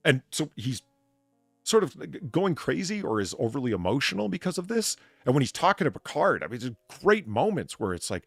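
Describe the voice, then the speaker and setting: Low gravelly man, animated profane ranter, dry mic. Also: fairly quick, dry recording. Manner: ranting, profane, rambling with restarts. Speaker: podcast co-host. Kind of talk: casual chat.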